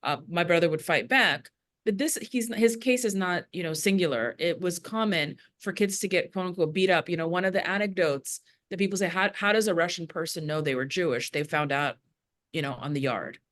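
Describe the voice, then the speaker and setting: Lady from the old soviet union, low-ish voice, earnest podcast guest telling stories. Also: brisk, a bit bright. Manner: earnest, repeats words as she explains. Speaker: podcast guest, Jewish educator. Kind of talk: conversational storytelling.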